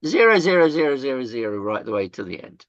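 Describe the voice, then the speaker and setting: Older man, halting and dry. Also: on the low side, darkish tone, dry recording, muffled recording. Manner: halting, many fillers and restarts, casual swearing. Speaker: interview guest. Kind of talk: candid storytelling in conversation.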